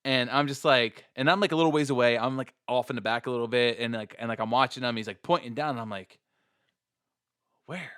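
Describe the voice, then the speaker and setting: A man's voice: mid-range voice, steady tone, quick pace, hardly any pauses, a bit bright, clean tone, no echo, clean studio sound. A man hosting a podcast, telling a story in a casual, profane way with frequent laughs. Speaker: podcast host.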